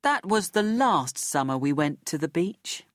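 Woman narrator, low and lively pitch, measured, dry wry delivery, close dry mic. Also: no room sound. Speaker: storyteller. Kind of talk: scripted first-person story narration.

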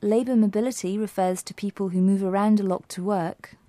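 A woman with a mellow, warm tone hosts a scripted lesson, asking quiz questions and explaining terms clearly. The recording is dry and close. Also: mid-range voice, steady tone, brisk, dry recording. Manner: clear, quizzing. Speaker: co-presenter. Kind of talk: scripted educational podcast.

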